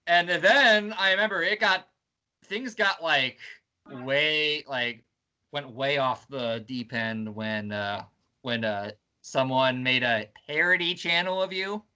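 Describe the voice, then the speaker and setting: Bright-voiced young man, rambling. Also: on the high side, expressive, slow pace, clean tone. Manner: rambling, self-interrupting, wry. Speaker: channel host. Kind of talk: casual reminiscing chat.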